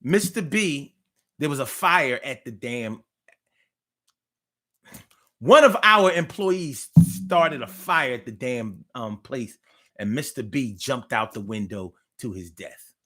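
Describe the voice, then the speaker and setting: A man's voice: medium pitch, lively intonation, takes it slowly, sharp tone. A man hosting a live online talk show, telling a story casually and profanely, repeating phrases.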